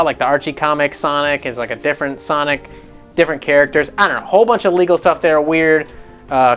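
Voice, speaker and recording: A man's voice: on the high side, clean tone. Rambling, sarcastic gaming news guy. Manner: rambling, sarcastic, swears freely. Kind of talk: casual gaming news commentary.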